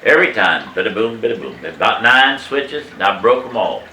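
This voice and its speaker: Bright-voiced old man spinning a tale. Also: fairly low pitch, moderate pace, a little hiss or hum. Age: 80s. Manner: animated, emphatic, salty language, chuckles through the tale. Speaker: family elder telling a childhood story. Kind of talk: casual storytelling. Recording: echoey room, mic at a distance.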